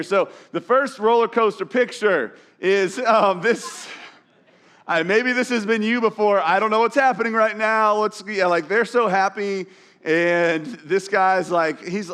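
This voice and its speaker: A man's voice: sits high, animated, a little slow, fairly bright tone. A man preaching a sermon in a conversational, self-deprecating way, often restarting his sentences. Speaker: pastor. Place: church auditorium.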